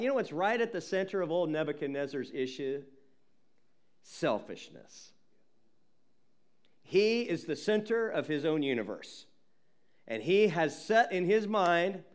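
High-voiced, animated male preacher. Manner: animated, emphatic, repeats words. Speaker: pastor. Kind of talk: sermon.

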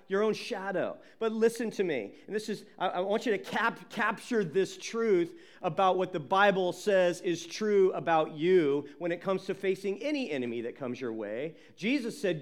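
A man preaching a sermon as pastor, emphatic and animated, often repeating words as he builds. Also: high-pitched.

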